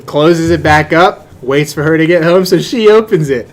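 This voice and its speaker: A man's voice: on the high side, normal speed. A man hosting a podcast in casual chat, laughing a lot, swearing and playful while telling a story. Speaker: podcast host.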